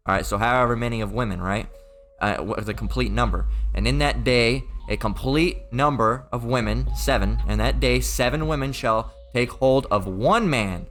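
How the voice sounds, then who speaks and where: A man's voice: mid-range voice, normal speed, fairly bright tone, soft background music. A man giving an informal sermon in a rambling, emphatic way, often profane and full of repeated filler tags. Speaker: preacher.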